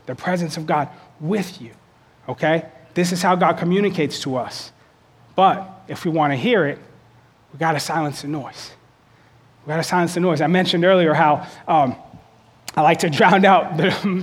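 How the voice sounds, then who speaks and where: A man with a noticeably high-pitched voice preaches in a loose, conversational way. He circles back on his words and keeps checking in with his listeners. The delivery sounds like a pastor talking plainly with his congregation. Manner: casual, repeats words, often checks in with "okay?". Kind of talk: conversational sermon.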